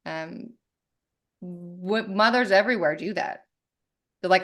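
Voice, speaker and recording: A woman's voice: fairly low pitch, normal speed. A woman in her thirties, a podcast guest talking candidly and with lots of energy in a casual conversation. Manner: candid, animated, swears freely.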